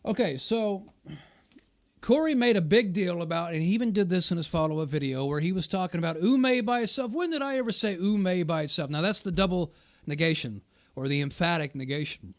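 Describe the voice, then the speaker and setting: Man, high voice, argumentative host, repeats points for emphasis, chats with viewers. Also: lively intonation, a little fast. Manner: answers viewer comments as he goes. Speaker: channel host reviewing a debate. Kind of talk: casual livestream commentary.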